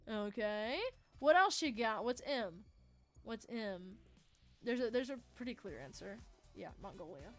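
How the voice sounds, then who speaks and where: A young woman of about eighteen streaming a game, rambling in casual chat, swearing freely and answering her chat. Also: medium pitch. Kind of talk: casual livestream chat while gaming.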